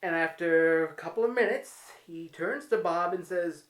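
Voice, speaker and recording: Guy vlogging from his apartment, kinda high voice, wry and blunt, room echo. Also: normal speed, few pauses, a bit bright. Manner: wry, candid, self-mocking humor. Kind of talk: casual home vlog storytelling. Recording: roomy echoey room.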